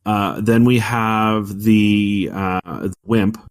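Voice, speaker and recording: A man's voice: fairly low pitch, fairly even intonation, very slow. A man co-hosting a casual gaming podcast, rambling with many restarts and arguing his opinions firmly. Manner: opinionated, argumentative. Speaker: podcast co-host.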